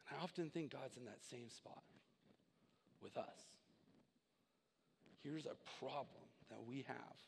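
A pastor in his thirties delivers a sermon in a long-echoing church sanctuary, his pitch sitting in an ordinary middle range. He tells personal stories with animated energy, rising loud and then dropping quiet. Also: a little slow, vocal fry, pauses often, slightly rough. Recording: reverberant church hall.

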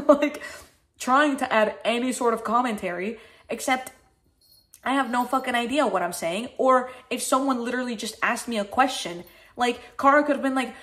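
A woman streamer telling a story in a casual, animated way, swearing often and acting out how she reacted back then. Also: on the high side, normal speed. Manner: animated, swears often, acts out her own past reactions.

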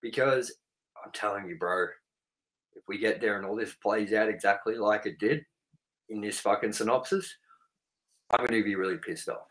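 A man's voice: fairly low pitch, normal speed, long pauses, fairly bright tone. An Australian man co-hosting a podcast, ranting in a heated, profane casual chat. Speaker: podcast co-host.

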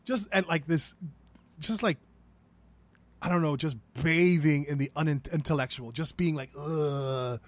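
A man's voice: a little high, normal speed, long pauses. A man with a New York accent ranting through a solo podcast episode, profane and rambling, talking in a heated way. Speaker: podcast host.

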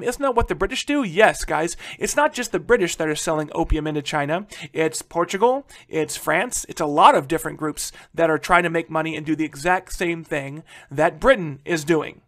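High-voiced, energetic man lecturing. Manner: energetic, addresses students as "guys", frequent "all right?" check-ins. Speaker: history teacher. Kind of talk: recorded classroom lecture.

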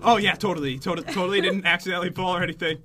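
A man's voice: high voice, very fast, a little hiss or hum. A young man playing a video game, cracking jokes and teasing his co-player. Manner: joking, teasing, excitable. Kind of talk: casual gameplay chat.

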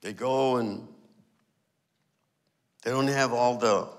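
A man preaching a sermon as a guest pastor, telling stories and acting out small scenes, sometimes dropping to a hushed, pleading tone. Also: mid-range voice, slow pace, in a large hall. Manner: storytelling, acting out little scenes. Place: church sanctuary.

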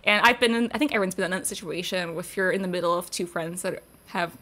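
A woman co-hosting a podcast in casual chat, relaxed and meandering, saying "like" a lot. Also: on the low side, fast talker. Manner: relaxed, meandering, many likes. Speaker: podcast co-host.

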